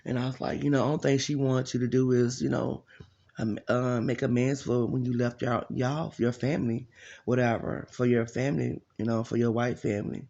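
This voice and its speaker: A man talking as a life coach in a blunt, profane, casual rant, telling stories with loud quoted voices. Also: mid-range voice, moderate pace, creaky, lo-fi sound.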